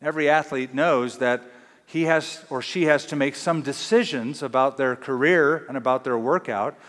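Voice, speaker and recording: Pastor preaching with long hall reverb. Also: male voice, medium pitch, moderate pace, fairly bright tone. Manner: emphatic, with rhetorical questions. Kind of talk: sermon. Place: church.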